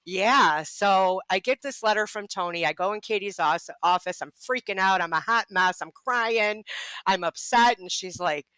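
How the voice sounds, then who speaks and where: A woman telling her story as a podcast guest in casual chat, candid and quick to laugh, swearing freely. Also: medium pitch, pushed and bright, no room sound, low-quality recording. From Ohio.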